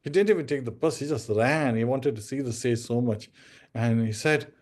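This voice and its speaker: A man's voice: mid-range voice, normal speed, a little mellow. A man giving a devotional discourse, telling a story and addressing listeners as devotees. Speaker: spiritual speaker.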